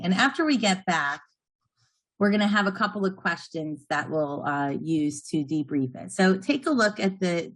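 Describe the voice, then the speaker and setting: A woman's voice: deep voice, fairly bright tone, low-quality recording. A woman trainer explaining a health-worker lesson in an earnest, step-by-step way. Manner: earnest, explanatory, with frequent restarts. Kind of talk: online training session.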